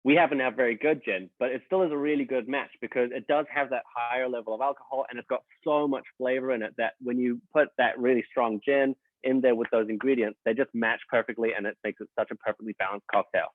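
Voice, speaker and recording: A man's voice: medium pitch, fairly even intonation, fast talker, hardly any pauses, no room sound. A man working as a brand ambassador, presenting a tasting in a friendly, upbeat way. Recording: dry, tinny phone-like audio.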